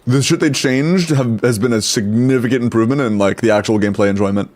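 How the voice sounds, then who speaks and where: A young man streaming live, casually chatting and greeting viewers in quick succession, swearing now and then. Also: medium pitch, a little mellow. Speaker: streamer reviewing game accounts.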